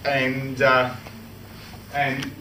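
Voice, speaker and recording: A man's voice: mid-range voice, monotone, extremely slow. Australian man telling a funny story. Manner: chatty storytelling with frequent restarts and laughs. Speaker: club speaker. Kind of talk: humorous personal anecdote speech. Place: meeting room. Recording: roomy hall, from far off, with noise.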